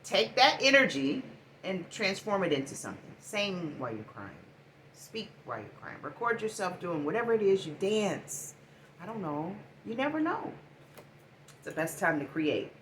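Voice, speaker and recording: A middle-aged woman giving a casual spiritual oracle card reading, talking in a preachy way and swinging between loud bursts and hushed asides. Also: lowish voice, slight background noise.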